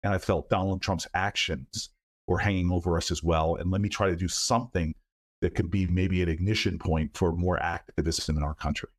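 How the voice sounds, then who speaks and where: A man's voice: low-pitched, fairly even intonation, fairly quick. A middle-aged man, a senator, answering interview questions earnestly, often repeating words as he goes. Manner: earnest, stumbles and repeats words, acts out quoted voices. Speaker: senator and book author, guest.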